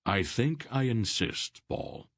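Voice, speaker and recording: A man voicing a wise, dry-humored old sorcerer in an audiobook, speaking calmly and firmly. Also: mid-range voice, no echo, voice pushed up. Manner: calm, measured, gently firm. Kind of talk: audiobook character voice.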